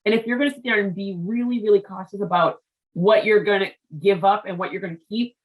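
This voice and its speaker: A woman from a Haitian family background hosts a business interview show, speaking fast in a steady, medium-pitched voice on a low-quality recording. She chats casually and tells family stories with many asides and restarts.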